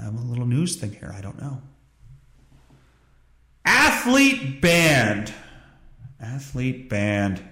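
A man hosting a podcast, rambling through a casual monologue and reading news with a sarcastic, profane manner. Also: mid-range voice. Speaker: podcast host. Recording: echoey room.

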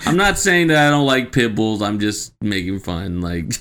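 A man's voice: fairly low pitch, moderate pace, clean tone. A man co-hosting a podcast in casual chat, swearing and laughing as he tells stories. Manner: laughing, profane, animated storyteller. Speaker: podcast co-host.

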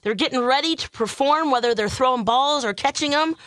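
A woman's voice: sits high, a little fast, a bit bright, no echo. A woman co-hosting a radio talk show, chatting in an upbeat way and laughing easily. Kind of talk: casual radio banter.

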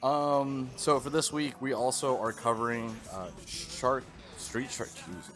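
A man's voice: mid-range voice, steady tone, slow, fairly bright tone. A man hosting a casual podcast, laughing and stumbling over his words as he talks. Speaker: podcast host. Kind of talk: casual chat.

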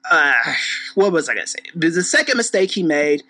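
A podcast host delivering a rambling commentary rant in a bright, sharp voice at an ordinary pitch. The talk is blunt and profane, with sarcastic asides and sudden emphatic bursts. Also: lively intonation, fairly quick, low-quality recording. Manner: rambling with restarts.

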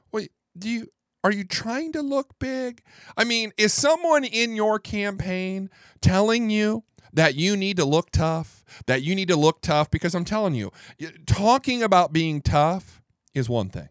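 Animated man doing political commentary. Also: high-pitched, a little slow, no echo, clean studio sound. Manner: animated, incredulous, repeats words for emphasis. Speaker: podcast host.

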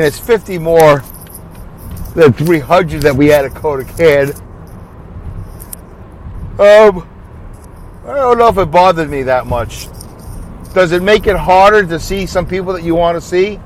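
A man with a slightly high voice hosts a casual solo podcast, and the poor audio carries a bit of hiss or hum. Rambling and thinking aloud, he poses questions and answers them himself while leading listeners through a breathing break.

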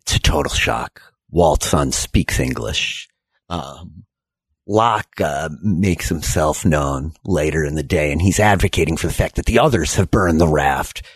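A man narrating as game master of a tabletop role-playing game, telling the story in a relaxed way full of fillers. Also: rumbling low, a little slow, slightly rough, no room sound, studio quality.

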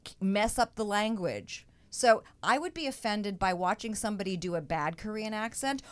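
A woman's voice: mid-range voice, normal speed, clean tone, dry recording. A woman who is a comedian and actress, explaining her views earnestly and emphatically as a talk show guest.

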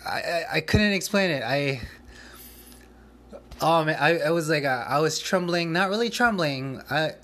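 Speaking at a moderate pace with lively intonation, this man's voice is fairly high and bright. He runs a restaurant kitchen and, on a casual podcast, rambles through a work mishap, restarting sentences and laughing nervously because he's still anxious and shaken.

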